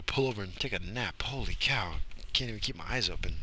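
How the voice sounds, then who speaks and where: A man's voice: lowish voice, animated, fairly quick, creaky, background noise. A tired, yawning man rambling jokingly and with lots of swearing as he vlogs from inside his car. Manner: rambling, profane, jokey. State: exhausted, yawning. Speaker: vlogger. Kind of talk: casual rambling vlog while driving.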